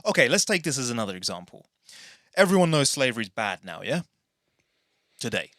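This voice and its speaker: A man's voice: mid-range voice, very animated, fairly quick, a bit bright, no room sound, studio quality. A man hosting a casual podcast, rambling through tangents and correcting himself as he goes. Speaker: podcast host.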